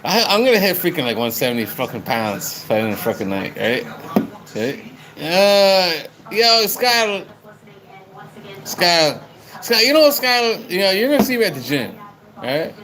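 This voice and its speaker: Young man, rowdy livestream chatter, a bit high-pitched, swears freely, keeps repeating himself. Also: fairly bright tone, rough recording. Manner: rowdy, repetitive, swears a lot; calls out viewers by name. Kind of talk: rambling livestream chat with viewers.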